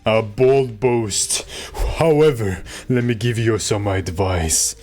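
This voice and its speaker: A man voicing a haughty young man who speaks slowly and with calm authority. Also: fairly low pitch, soft background music.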